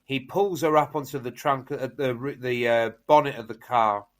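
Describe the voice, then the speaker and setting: A man's voice: medium pitch, moderate pace. A man co-hosting a film podcast, retelling a plot in casual chat with lots of fillers and restarts. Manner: animated, many fillers and restarts. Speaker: podcast host.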